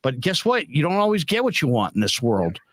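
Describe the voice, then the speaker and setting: A man's voice: brisk, no echo. A man hosting a casual post-game sports talk show, speaking bluntly and animatedly as he reads and riffs on viewer comments. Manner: animated and blunt, with emphatic pitch jumps.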